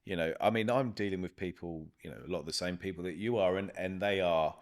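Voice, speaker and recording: A man with a very low voice hosts a casual chat. He talks agreeably, often nodding along with short affirmations. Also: quick pace. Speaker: mortgage broker, host.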